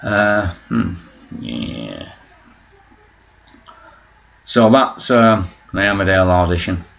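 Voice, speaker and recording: A man's voice: low-pitched, very animated, slow, gravelly, a bit bright, lo-fi sound. A man vlogging at home, rambling through a joking, self-mocking monologue full of swearing.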